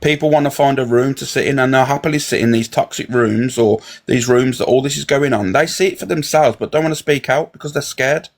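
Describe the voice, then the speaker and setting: A man's voice: medium pitch, brisk, hardly any pauses. A man ranting in a heated live chat, confrontational and swearing. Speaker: live stream guest.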